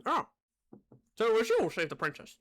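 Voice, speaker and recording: A woman voicing a calm, magnanimous male king in a game, with a made-up accent. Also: medium pitch, a little fast, close to an everyday voice.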